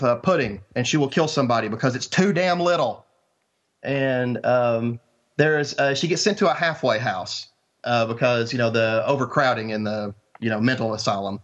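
A man on a casual podcast, telling a film plot in a dry, deadpan way. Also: medium pitch. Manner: deadpan, dry storytelling with a mock trailer opening. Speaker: podcast guest. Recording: dull lo-fi sound.

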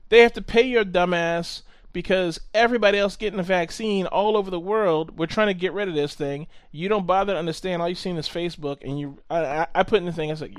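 A man with a fairly high voice rants casually on a podcast, swearing freely and laying on the sarcasm. The sound is dry and close, with no room around it. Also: a little fast, hardly any pauses, smooth, no echo. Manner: profane, ranting, sarcastic. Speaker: podcast co-host. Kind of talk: casual chat.

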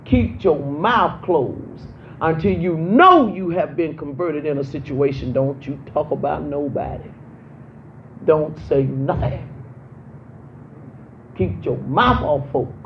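A woman's voice: deep voice, slow. Young woman pastor preaching call-and-response. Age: young adult. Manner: emphatic call-and-response, repeating phrases to the congregation. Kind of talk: preaching a sermon. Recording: muffled lo-fi with faint background noise.

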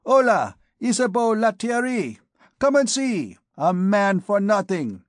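A man's voice: fairly high pitch, big pitch swings, slow pace, dry recording, clean studio sound, heavily acted. A man voicing a rowdy beggar king who bellows out names like an auctioneer. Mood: shouting.

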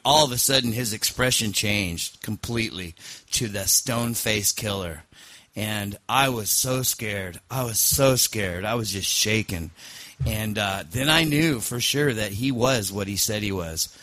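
A man's voice: on the low side, unhurried, sharp tone, no room sound. A man hosting a podcast, telling a personal story casually, rambling with fillers and restarts. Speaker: podcast host.

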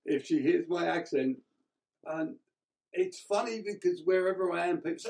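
Laughing English man, slightly high voice. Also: normal speed, creaky, darkish tone, low-quality recording. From England. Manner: chatty, laughs often while talking. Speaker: radio show co-host. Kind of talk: casual chat.

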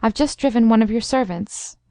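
A woman voicing a tactful, spirited young woman in a storybook reading, gentle and eager. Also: fairly high pitch, fairly quick, no echo, clean studio sound, close to an everyday voice. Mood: earnest.

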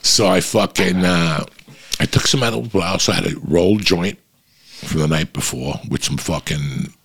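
This middle-aged podcaster's low voice is creaky with a breathy edge, and he speaks at normal speed. He rambles through long, profane, animated stories for his listeners.

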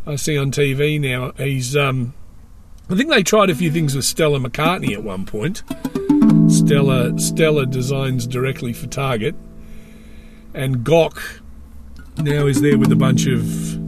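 An Australian man delivering a rambling comic monologue with wry, sardonic asides. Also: mid-range voice.

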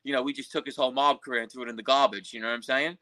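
A man's voice: mid-range voice, fairly even intonation, rapid-fire, bright, forceful tone, rough recording. A man telling a crime story as a podcast guest, in blunt, profane street talk. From Queens, New York. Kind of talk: storytelling interview.

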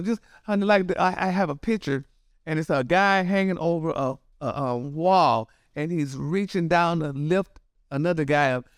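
Sassy high-voiced gossip host, man. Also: clear, resonant tone, no room sound, studio quality. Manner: sassy, dramatic, keeps saying honey and girl. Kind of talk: casual gossip commentary.

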